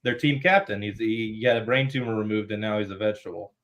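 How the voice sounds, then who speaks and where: A man's voice: fairly low pitch, fast talker, fairly bright tone, highs cut off. A man from Atlanta, a betting analyst, trading crude, laughing banter in casual podcast chat.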